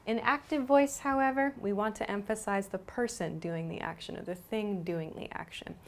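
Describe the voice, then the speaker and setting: A woman teaching a grammar lesson, explaining slowly and clearly and repeating example sentences. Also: medium pitch, a little hiss or hum. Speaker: English teacher.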